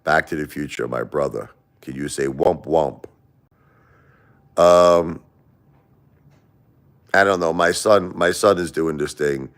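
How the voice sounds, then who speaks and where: A middle-aged man with a thick Brooklyn accent hosts a casual livestream. His voice sits very low. He rambles and repeats himself as he lectures his chat directly. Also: slow, long pauses. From Brooklyn, New York. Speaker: livestream host.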